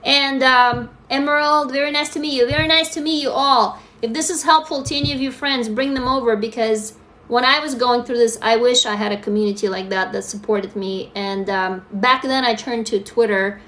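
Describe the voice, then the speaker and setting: A woman's voice: a little high, moderate pace, fairly bright tone. A woman in her forties from Russia hosting a casual livestream, candid and emphatic, swearing freely as she answers viewer comments on a phone. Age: 40s. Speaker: livestream host.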